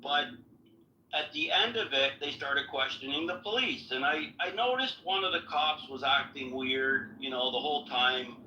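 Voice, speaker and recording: A man's voice: mid-range voice, expressive, moderate pace, pushed and bright, recorded from a distance, slight background noise. A man recounting events in casual talk, matter-of-fact and explaining them step by step. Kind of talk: casual storytelling. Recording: echoey room, dull sound.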